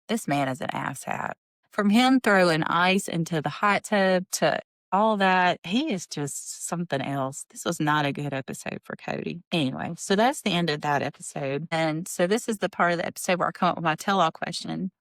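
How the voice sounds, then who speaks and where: A woman's voice: deep voice, no echo, clean studio sound. A woman, recapping a reality show on her podcast in a blunt, indignant way. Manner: blunt and indignant, openly judging. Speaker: podcast host. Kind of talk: casual reality-TV recap commentary.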